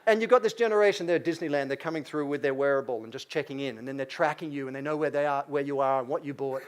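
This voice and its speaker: A middle-aged Australian man giving a business keynote lecture, lively, asking the audience questions. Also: mid-range voice, very fast. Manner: lively, asks the audience questions, acts out quotes. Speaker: keynote speaker.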